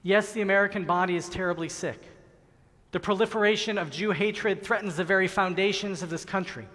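A middle-aged man giving an earnest, measured sermon as a rabbi, with slow, emphatic pauses. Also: high-pitched, fairly bright tone. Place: large synagogue sanctuary. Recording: long reverb of a large hall.

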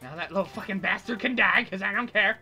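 A woman's voice: medium pitch, fast talker, soft background music. A woman playing a video game with a friend, chatting casually, swearing often and bursting out in frustration. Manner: swears a lot, loud outbursts of frustration. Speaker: gamer. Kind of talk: casual co-op gameplay chat.

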